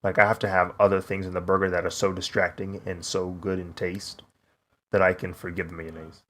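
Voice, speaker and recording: Young male streamer, relaxed and chatty, low-ish voice, talks while he draws. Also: brisk. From United States. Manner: laid-back, laughs often, says "bro". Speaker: streaming artist. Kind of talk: casual chat while drawing on stream.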